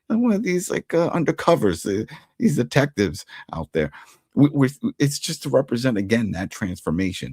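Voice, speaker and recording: A man's voice: lowish voice, husky, no room sound, studio quality. A man hosting a TV recap, talking casually and acting out the characters' lines as he goes. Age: adult who was once an altar boy. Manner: animated, acts out character lines in quotes. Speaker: TV recap host.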